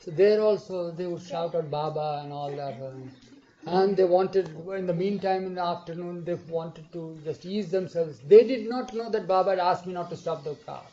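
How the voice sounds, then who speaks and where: An older man casually telling a rambling, animated story with many asides and bursts of laughter. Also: high-pitched, moderate pace. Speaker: storyteller recounting memories. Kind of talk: casual anecdotal storytelling to a small group. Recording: dull old archival tape recording.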